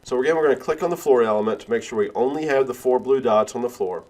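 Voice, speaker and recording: Man walking through a software tutorial. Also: medium pitch, quick pace. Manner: steady step-by-step walkthrough, self-correcting. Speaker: instructor. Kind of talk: screen-recorded software tutorial.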